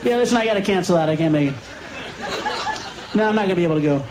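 A man's voice: sits high, expressive, very fast, very noisy. A man playing a henpecked husband talking sheepishly on the phone. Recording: live club tape with loud crowd.

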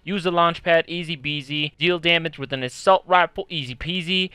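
A young man giving casual, excitable gameplay commentary as a gaming YouTuber, swearing constantly and shouting when hyped. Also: fairly high pitch, moderate pace, clear, resonant tone, dry recording.

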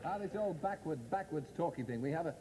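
A talk show host with an animated, somewhat high voice banters with his guest in front of a studio audience. He teases him with quick-witted humor.

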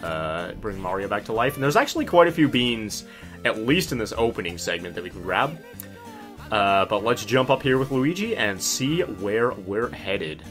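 A man's voice: on the low side, sing-song, moderate pace, a bit bright, soft background music. A man casually commenting on a video game playthrough, chatty and joking as he reads game dialogue aloud. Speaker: let's play host.

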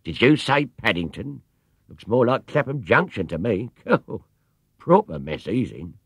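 A man voicing a jovial, working-class male chimney sweep who talks loudly and chirpily. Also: medium pitch, sing-song, measured pace, creaky, husky, dry recording, pitched above the performer's own voice, exaggerated voice. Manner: chirpy, loud, chuckling, dialect speech.

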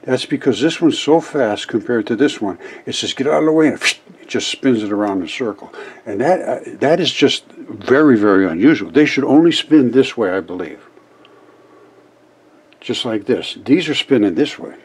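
An older man rambling through an explanation of experiment footage, halting and repeating words as he goes. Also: medium pitch, lively intonation, breathy edge. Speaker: independent science video maker. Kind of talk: casual explanation over footage.

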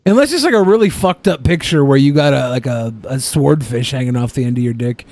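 A man's voice: mid-range voice, brisk, darkish tone, slight background noise. A man co-hosting a podcast, reading listener questions and giving loose, profane, joking advice. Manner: loose, profane, laughs often. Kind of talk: crude, joking podcast banter.

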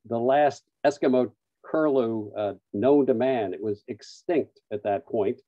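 Man, webinar presenter, anecdotal storytelling, many filler pauses, dull lo-fi sound, dry close audio. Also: medium pitch, no echo. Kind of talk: storytelling talk.

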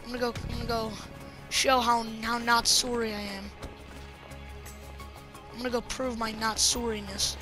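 A young woman giving jokey, excitable commentary while playing a game, repeating her apologies again and again. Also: fairly high pitch, moderate pace, over music. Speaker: gameplay streamer. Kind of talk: casual gameplay commentary.

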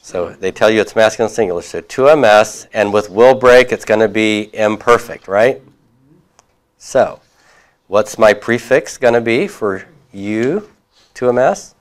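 A man's voice: fairly low pitch, measured pace. A man teaching a class, reviewing homework and prompting students with questions, with occasional chuckles.

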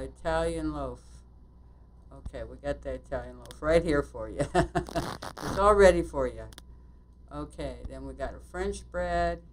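A woman playing a bakery shop game, muttering to herself as she works, with quick exclamations and mild swearing. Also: low-pitched, a little mellow, slight background noise, rough recording. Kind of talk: casual let's-play commentary.

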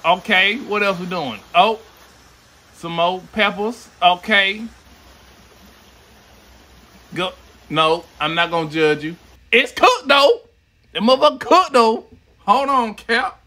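A man's voice: high-pitched, a little slow, pushed and bright. A man hosting a reaction video, giving loose, joking running commentary full of swearing.

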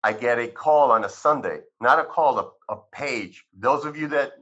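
A man in his fifties tells his personal story as an interview guest, his voice bright and forceful. He acts out past conversations with lively switches. The recording sounds a little dull and lo-fi. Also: medium pitch, normal speed, slightly rough. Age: 50s. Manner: animated storyteller who acts out dialogue. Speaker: physician guest.

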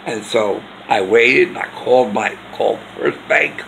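Man, vlog storytelling, earnest, rambling, very gravelly voice, faint hum behind. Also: mid-range voice, unhurried, hardly any pauses, a bit bright, poor audio. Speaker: vlogger. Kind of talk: personal storytelling.

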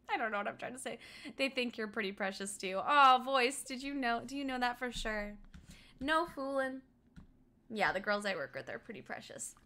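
A woman's voice: fairly high pitch, very animated, fairly quick, a bit bright. A young woman from Colorado in her twenties, chatting casually with her stream while gaming, laughing often and answering chat. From Colorado, United States.

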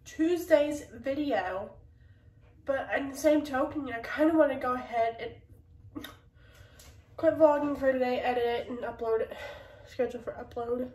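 A woman vlogger talks casually in her kitchen, her nose stuffed up from a cold. She rambles along with sighs and small laughs. Her voice is a little high, and it comes from a bit away from the mic in an echoey room. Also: unhurried, long pauses, a little mellow, distant mic. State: congested nose. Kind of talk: casual vlog chat. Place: kitchen at home.

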